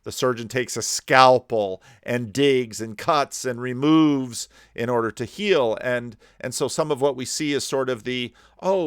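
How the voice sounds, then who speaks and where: Man with a smooth, dry voice. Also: medium pitch, dry recording. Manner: digressive, frequent restarts and repeated words. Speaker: video commentator. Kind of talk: pausing and commenting on a played video.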